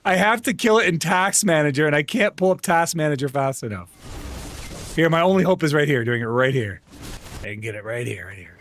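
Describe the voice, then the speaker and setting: A man streaming a game live, chatting to viewers, quickly swinging between laughter and angry outbursts. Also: on the high side, animated, fairly bright tone, slight background noise.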